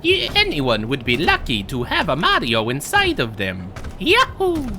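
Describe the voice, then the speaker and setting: A man putting on a crass, boastful cartoon plumber voice with bouncy high exclamations. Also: wildly swooping pitch, measured pace, bright, forceful tone, slight background noise, full character voice. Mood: teasing. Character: crude boastful male plumber cartoon hero.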